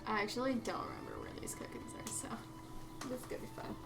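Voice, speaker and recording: A young woman on a desk microphone chatting casually and reacting out loud while she plays a video game. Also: medium pitch, huge pitch swings, fast, creaky, music in the background. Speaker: streamer.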